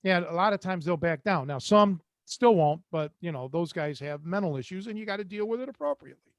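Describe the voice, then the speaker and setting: Here a high-sitting, expressive male voice moves a little fast with no echo around it. He's an older host from Cleveland, Ohio, telling streetwise, rambling stories casually and mimicking the voices of people he quotes.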